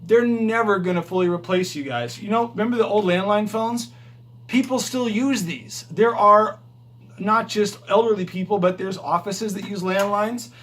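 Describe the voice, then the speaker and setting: A high-voiced man talks straight to his handheld phone camera as he walks through his house. His delivery is emphatic and motivational, full of asides and rhetorical questions. It sounds like a driver chatting casually to fellow drivers. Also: normal speed, a bit bright, a little hiss or hum. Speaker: rideshare driver and vlogger. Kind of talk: casual vlog talk to camera. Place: his house, walking from hallway to bedroom.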